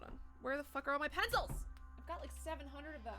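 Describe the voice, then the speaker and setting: A woman streams a game live, chatting with viewers in a slightly high, bright voice. She swears freely and reads chat messages aloud between reactions. Faint game music plays behind her. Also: quick pace. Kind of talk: casual live-stream chat while gaming.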